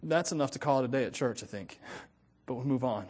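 A woman's voice: very deep voice, fast talker, a little mellow, slightly rough. A woman pastor giving a sermon in a casual, chatty way, with laughing asides. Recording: long reverb of a church hall.

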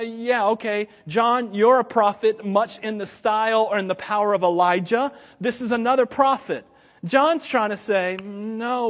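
A man's voice: high-pitched, long reverb tail. A man from Florida with a slight Southern accent, preaching a sermon in a conversational way with frequent chuckles. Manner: conversational, chuckles often, asides to the audience. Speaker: pastor.

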